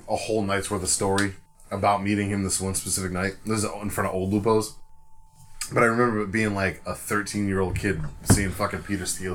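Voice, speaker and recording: Profane, animated male podcast storyteller. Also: low voice, slight background noise. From Providence area, US. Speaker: podcast co-host. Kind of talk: casual storytelling chat.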